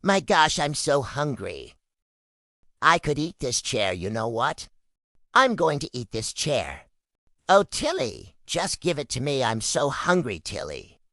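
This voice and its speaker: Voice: mid-range voice, big pitch swings, unhurried, bright, forceful tone, dry recording, studio quality, heavily acted. A person voicing a hungry, dramatic pet dog who begs over and over in a home video. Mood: begging. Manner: begging, repetitive pleading.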